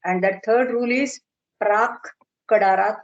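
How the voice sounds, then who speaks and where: A middle-aged woman lecturing on a video call, explaining slowly and carefully and drawing out technical terms. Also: mid-range voice, fairly even intonation, muffled recording. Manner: measured, explanatory, slow on terms. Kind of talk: online academic lecture.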